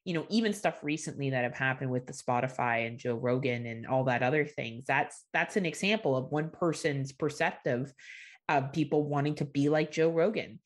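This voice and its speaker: A woman's voice: extremely low pitch, normal speed. A woman co-hosting a podcast in casual chat, agreeable and thoughtful as she builds her point about a film. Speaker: podcast co-host.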